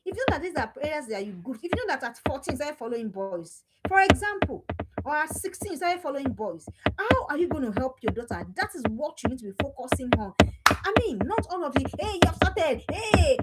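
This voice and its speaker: A middle-aged woman lectures parents in a high, lively voice. She repeats herself for emphasis and scolds as she exhorts. Heavy background noise runs under the recording. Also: fast talker. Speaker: parenting coach. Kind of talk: motivational talk to parents.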